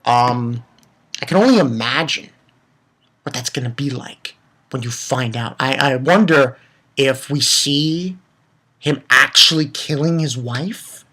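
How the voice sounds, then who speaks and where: A young man giving a casual, excited manga chapter review, rambling and swearing freely. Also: medium pitch, slow.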